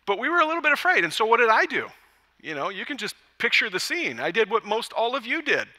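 A man preaching a sermon as pastor at a church service, a lively, joking storyteller who acts out quotes. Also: very high-pitched, fast, big-room sound.

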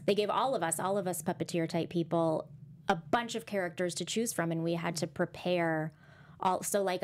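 A woman in her thirties, an actress and puppeteer, chatting as an interview guest, talkative and full of restarts, turning bright and lively when she quotes herself. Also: fairly low pitch. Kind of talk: casual interview chat.

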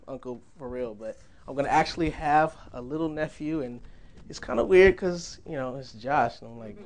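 A man's voice: medium pitch, moderate pace, slight background noise. A young man giving a sermon in a church, conversational and humorous, laughing often. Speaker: preacher.

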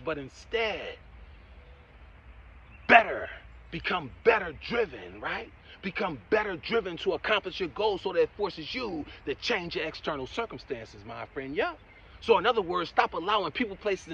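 A man giving a motivational talk in a preachy, encouraging way, often saying "my friend" and "right?", and swinging between loud emphatic bursts and quiet asides. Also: high voice, highs cut off, a little hiss or hum. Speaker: motivational speaker.

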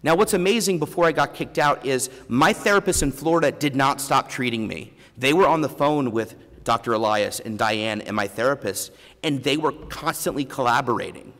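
A man giving a keynote speech, telling a candid personal story with self-deprecating humor and halting restarts, on a lavalier mic. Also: mid-range voice, fairly bright tone. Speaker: keynote speaker. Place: large conference hall before an audience. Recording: long hall reverb.

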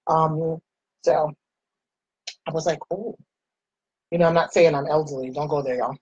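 A woman's voice: sits low, fairly even intonation, normal speed, a little mellow, slightly rough, highs cut off. A woman in her forties chatting playfully with viewers while she does her makeup. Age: 40s. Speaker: makeup vlogger. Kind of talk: casual chat while doing makeup.

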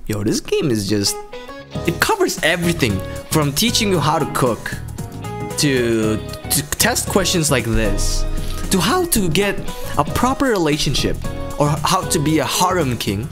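A man's voice: fairly high pitch, huge pitch swings, a little slow. A man casually joking as he plays a game and reads its lines aloud. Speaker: gaming channel host. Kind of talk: let's play commentary reading subtitles aloud. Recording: game music behind voice.

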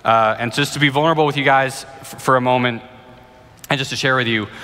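A male pastor in his thirties speaks earnestly and conversationally, often stumbling over his restarts. His voice is bright and forward, at a middling pitch. It rings out with the long reverb of a church auditorium. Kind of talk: sermon with Q&A.

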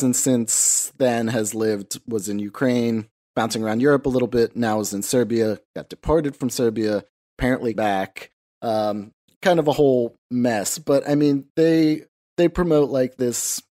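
A man's voice: medium pitch, normal speed, warm tone. A man co-hosting a casual podcast discussion, rambling with lots of fillers and swearing. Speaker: podcast co-host.

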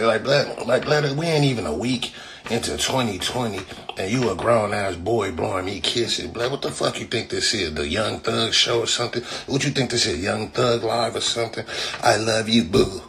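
A man's voice: lowish voice, normal speed, vocal fry, fairly bright tone, a little hiss or hum. A man hosting his own vlog, ranting in a profane, mocking way and laughing often. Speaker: vlog host. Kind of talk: casual comedic rant.

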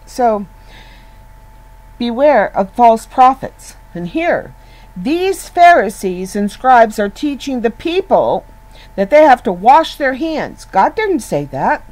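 A woman teaching from scripture in a slow, unhurried voice that sits a little high. She talks earnestly and conversationally, circling back and restarting her phrases as she works through a point. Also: very animated, a little mellow, poor audio. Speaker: Bible teacher. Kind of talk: informal Bible teaching.

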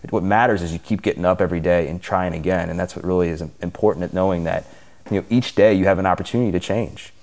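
A man's voice: low-pitched, fairly even intonation, quick pace, a little mellow. A man, a fitness coach, answering interview questions in an earnest, open way with lots of "like".

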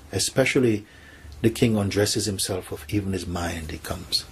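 A man, a spiritual teacher, telling a teaching story softly and acting out the characters' lines. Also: on the low side, fairly even intonation, unhurried, slight background noise.

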